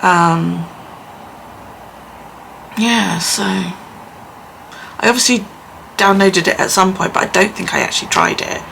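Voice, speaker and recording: A woman's voice: mid-range voice, measured pace, gravelly, long pauses, a bit bright, a little hiss or hum. A woman vlogging on her phone, rambling casually, sometimes swearing and often dropping to a near whisper. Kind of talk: casual chat. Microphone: phone held by the speaker.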